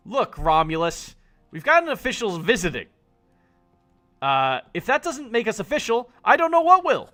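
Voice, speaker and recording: A man's voice: high-pitched, sing-song, normal speed, pushed and bright, soft background music, pitched above the performer's own voice, exaggerated voice. A man voicing a cheerful, chatty male dwarf miner who brags about his trade, reading game dialogue aloud. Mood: jovial. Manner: jovial, boastful.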